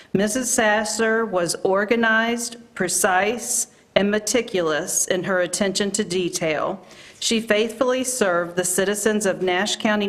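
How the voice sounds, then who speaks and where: A woman, a county staff member presenting formally and reading in a measured way at a public meeting. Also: medium pitch, a bit bright.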